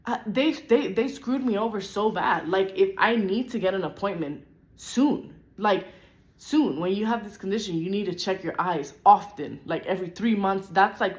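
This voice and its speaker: A young woman vlogging a frustrated personal rant, upset and close to tears, with lots of "like" in her talk. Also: on the low side. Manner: frustrated, venting, heavy use of "like".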